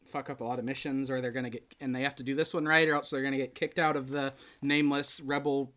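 A man hosting a podcast, chatting casually and retelling a film with lively acted-out quotes. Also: mid-range voice, fast. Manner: animated storytelling, acts out quotes. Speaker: podcast host. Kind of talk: casual chat.

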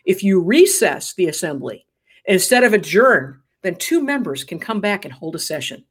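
A woman's voice: lowish voice, sing-song, moderate pace, husky. A woman guest from Ohio telling a dramatic story in an interview, acting out the quoted dialogue with energy. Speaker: guest, pro-life activist.

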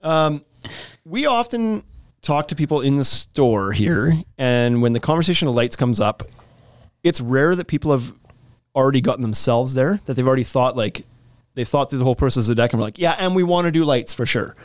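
A man's voice: mid-range voice, expressive, a little fast, no room sound. Man chatting casually, dry sound. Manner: chatty, laughs often, trails off mid-sentence. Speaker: deck shop co-host. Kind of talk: casual podcast chat.

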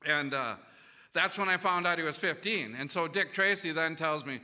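High-voiced, sharp-toned man telling a story. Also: normal speed, big-room sound. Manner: animated, profane, rambling with restarts. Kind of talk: casual anecdote telling.

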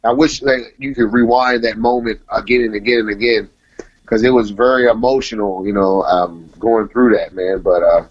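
A laid-back man in his thirties tells personal stories in a relaxed, conversational way, closing almost every sentence with "man". His voice sits in a middle register. The recording is dull and lo-fi. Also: medium pitch. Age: 30s. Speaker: interview guest. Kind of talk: casual interview storytelling.

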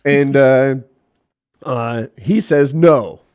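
A man's voice: medium pitch, extremely slow. A middle-aged man telling a story in casual chat, quoting the people in it and swearing freely. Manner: animated, profane, quotes people in voices.

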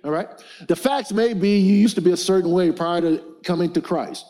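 Middle-aged man, emphatic motivational preacher, warm and fairly high voice. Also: normal speed. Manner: call-and-response, emphatic storytelling. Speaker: motivational speaker. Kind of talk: preaching to a men's gathering.

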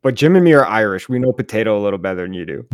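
A man's voice: fairly low pitch, lively intonation, racing, dry recording, studio quality. A man co-hosting a casual podcast, chatty and joking, rambling with many "like"s. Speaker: podcast co-host.

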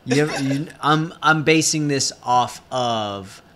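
A man's voice: medium pitch, slow, fairly bright tone, slight background noise. A man co-hosting a podcast, chatting casually with joking banter and profane asides. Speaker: podcast co-host. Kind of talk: casual chat.

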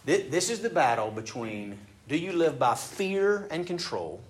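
A man preaching a sermon in a conversational, emphatic way, asking his listeners questions and swinging between hushed and loud. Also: fairly high pitch, sing-song, unhurried, a little hiss or hum. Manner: conversational, emphatic, asks the audience rhetorical questions.

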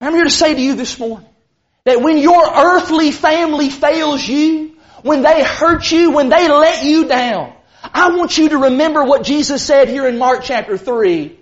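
A man preaching a sermon to a church assembly, emphatic and full of dramatic pauses and stressed words. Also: very high voice, muffled recording.

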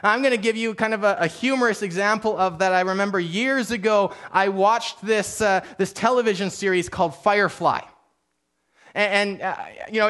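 A male pastor with a high, light voice preaches to his congregation. His talk is casual and conversational, with a self-deprecating streak and plenty of restarts. It sounds like a relaxed Sunday sermon in a church. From Canada.

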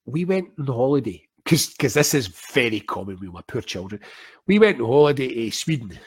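An older Scottish man in casual conversation, an animated storyteller who acts out quoted voices with wry humour. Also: mid-range voice, fairly quick, slightly rough. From Scotland.

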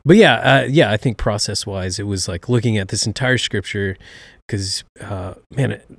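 A man who is a pastor, talking about his preaching in a relaxed, reflective way with many fillers. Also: fairly low pitch, normal speed, vocal fry, dry recording, studio quality. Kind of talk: casual chat.

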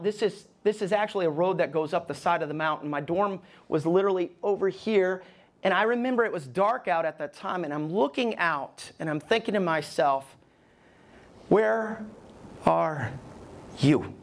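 A man, a lead pastor, telling a personal story in a sermon with conversational rhetorical questions and emotional pleading. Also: a little high.

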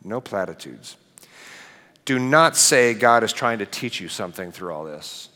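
A middle-aged male pastor giving a conversational sermon in a church, animated and asking the congregation questions. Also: lowish voice, a little slow, long reverb tail. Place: church sanctuary.

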